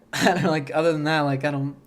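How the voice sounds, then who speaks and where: Rambling young man with a higher voice. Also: steady tone, brisk. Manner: rambling, heavy use of "like", frequent laughter. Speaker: podcast host. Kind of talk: casual chat.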